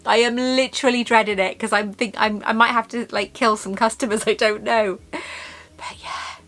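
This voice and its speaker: A woman's voice: mid-range voice, fairly bright tone. A woman from the UK chatting casually in a haul vlog, gushing and rambling and laughing often. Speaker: vlogger.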